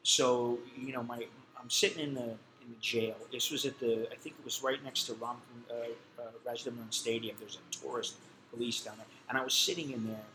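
A man's voice: medium pitch, noisy background. A middle-aged man telling a personal story in a casual, blunt and profane way, full of fillers. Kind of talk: casual spoken anecdote.

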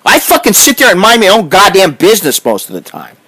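Man, middle-aged, from the US, combative profane rant, very animated pitch. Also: fairly quick, husky, low-quality recording. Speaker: vlogger. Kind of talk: profane ranting monologue.

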